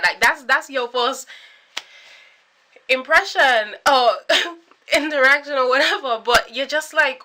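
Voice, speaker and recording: A young woman in her twenties with a Caribbean accent, chatting to camera in an animated, storytelling way. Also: a little high, a little slow. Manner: animated, chatty, full of filler likes and dramatic quoted reactions. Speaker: vlogger.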